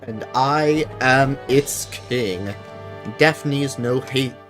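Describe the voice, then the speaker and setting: A man voicing the King of Red Lions, grave and slow. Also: medium pitch, a bit bright, soft background music, voice pushed up. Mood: solemn. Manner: grave, measured storytelling. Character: solemn ancient king speaking through a talking boat.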